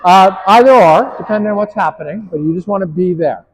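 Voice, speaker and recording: A man's voice: sits high, fairly quick, a little hiss or hum, low-quality recording. A man coaching players on the court, upbeat and encouraging as he calls out praise and instructions. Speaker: pickleball coach.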